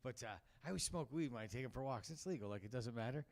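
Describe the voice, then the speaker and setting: A man's voice: mid-range voice, animated, fast. A man doing a stand-up set, telling rambling stories and acting out voices and sung bits. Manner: rambling storytelling, acts out voices and sings bits. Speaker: stand-up comedian. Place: comedy club stage.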